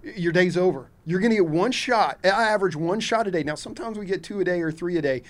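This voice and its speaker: A man's voice: sits high, fast. A man from Kentucky, a charter fishing captain, telling stories casually with lots of laughter and restarts. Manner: animated, laughs often, frequent restarts and filler. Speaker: shark fishing charter captain, podcast guest. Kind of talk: casual storytelling.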